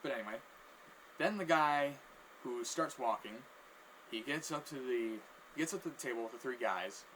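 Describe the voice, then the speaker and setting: A man's voice: medium pitch, normal speed, pauses often, a bit bright, slight background noise, rough recording. A man telling a casual anecdote who rambles, restarts his sentences often, and loops through "and then" phrases. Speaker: storyteller.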